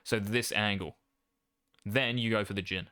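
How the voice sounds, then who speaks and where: A young man talks through gameplay as a coach, brash and sure of himself, swearing freely. His voice is bright and forceful, crisp and smooth, and it sits close and dry with no room around it. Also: on the low side, steady tone, normal speed, dry recording. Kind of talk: casual gameplay coaching commentary.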